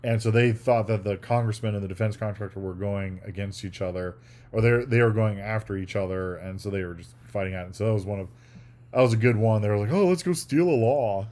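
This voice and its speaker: A man with a lowish voice co-hosts a podcast in easy casual chat. He rambles through his thoughts and now and then slips into playing out the scenes he describes. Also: steady tone, fast, darkish tone. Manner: rambling, acts out quoted scenes. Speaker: podcast co-host.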